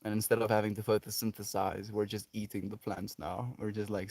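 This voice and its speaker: A man's voice: level tone, brisk, few pauses, dry recording. Laid-back man chatting with his stream. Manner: reflective, laughs often, drifts into soft low asides. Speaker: livestreamer. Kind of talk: casual livestream chat reading viewer comments.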